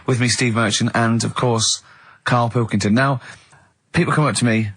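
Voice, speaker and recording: A husky-voiced English man hosting a studio radio show. He tells his stories with mounting disbelief, his voice jumping higher as he gets worked up. The tone is slightly breathy and unpolished. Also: moderate pace, no room sound. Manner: incredulous, animated storytelling with frequent laughter. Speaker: radio host. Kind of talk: comedic radio banter.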